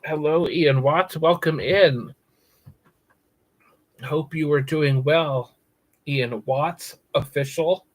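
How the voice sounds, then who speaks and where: A man's voice: a little high, takes it slowly, long pauses, poor audio. A man hosting a casual livestream, chatting with viewers and repeating words over and over for crude, silly jokes. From United States. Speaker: livestream host.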